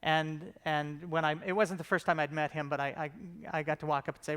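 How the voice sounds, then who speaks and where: A man's voice: a little high, fairly even intonation, a little fast, fairly bright tone, clear, resonant tone. A middle-aged man giving a casual, joking conference talk about his comedy show, self-deprecating and full of fillers and restarts.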